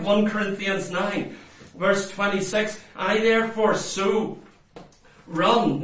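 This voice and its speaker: Male preacher, high voice, emphatic and repetitive sermon delivery, distant mic in a very echoey church hall. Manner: emphatic, repeats phrases, rising to loud exhortation.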